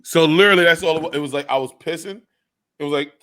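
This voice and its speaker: A man's voice: a little high, rapid-fire, fairly bright tone. A man co-hosting a comedy podcast, telling a crude story in rambling, profane casual banter. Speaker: podcast co-host.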